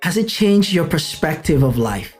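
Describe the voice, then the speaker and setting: A woman hosting a podcast, asking slow, deliberate questions between short affirmations. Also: low voice, big pitch swings, darkish tone, soft background music. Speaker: podcast host. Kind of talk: interview questions.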